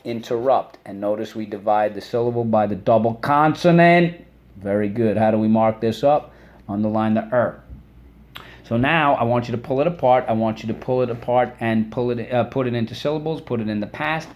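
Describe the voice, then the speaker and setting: A man's voice: medium pitch, normal speed, darkish tone. Patient male teacher drilling phonics words. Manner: patient, encouraging, repeats words for the class to echo. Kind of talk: phonics lesson with call-and-response drills.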